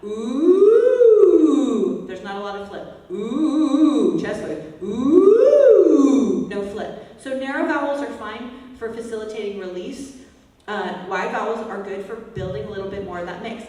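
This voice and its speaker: Woman, vocal coach, energetic demonstrations, distant mic, very echoey hall. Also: medium pitch, moderate pace. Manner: energetic, demonstrates loud whiny and bratty exercise calls. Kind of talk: workshop teaching with vocal demonstrations. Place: large echoey hall, workshop. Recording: echoey hall, voice from far off, faint music.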